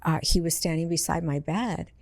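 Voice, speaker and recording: A woman's voice: low voice, normal speed, no echo, studio quality. A woman, an intuitive medium, telling personal stories in a conversation and acting out the voices of the people in them. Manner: earnest, acts out quoted voices in her stories. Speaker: intuitive medium, podcast guest.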